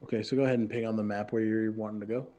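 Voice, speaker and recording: A man narrating as game master in a relaxed way, often pausing with fillers. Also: lowish voice, highs cut off, slight background noise.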